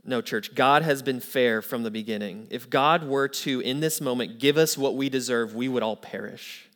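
A pastor with a mid-range, slightly bright voice preaches to his church at normal speed. He tells an anecdote with quoted voices, then earnestly drives his point home.

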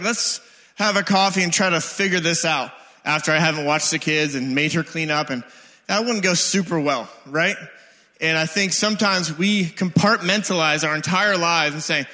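Bright-voiced preacher. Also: male voice, on the high side. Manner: casual, conversational, energetic. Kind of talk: sermon. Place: church hall. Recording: hall with long reverb.

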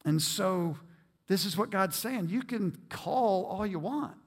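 High-voiced guy preaching, earnest, keeps repeating words, big echoey church hall. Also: expressive, slow pace. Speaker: pastor. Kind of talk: sermon. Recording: long reverb of a large hall.

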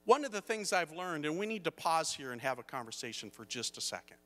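Bright-voiced preacher in a reverberant hall. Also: male voice, on the high side, big pitch swings, a little fast, a little hiss or hum. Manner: storytelling, rising to emphatic preaching. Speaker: pastor. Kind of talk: sermon. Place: church hall.

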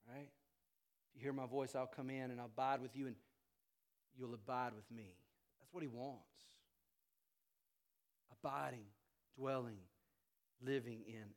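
Bright, clear-voiced male preacher. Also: mid-range voice. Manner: rises to loud emphatic preaching, then drops soft. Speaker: pastor. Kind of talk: sermon.

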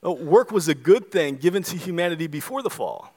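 A male pastor preaching a sermon, animated, acting out the voices he quotes. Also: fairly high pitch, a little fast. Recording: long hall reverb.

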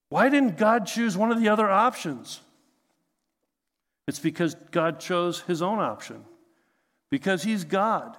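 A male pastor preaching in a relaxed, joking way, firing off rhetorical questions. His voice sits a little high for a man. A long reverb from a large church hall trails after his words. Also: measured pace. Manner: conversational, humorous, asks rhetorical questions. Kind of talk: sermon.

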